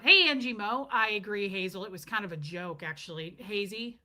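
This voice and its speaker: A middle-aged woman chatting live to her viewers, joking around and calling out their names as the comments come in. Her voice is bright and forward, at an ordinary pitch. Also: lively intonation, normal speed, few pauses. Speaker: livestream host reading viewer comments. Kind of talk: casual livestream chat.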